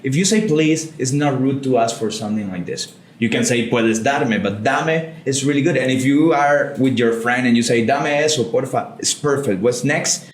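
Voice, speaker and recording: A man's voice: medium pitch, moderate pace, few pauses. A man co-hosting a language podcast, patiently explaining grammar step by step in casual chat. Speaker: podcast co-host, Spanish teacher. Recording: roomy studio echo.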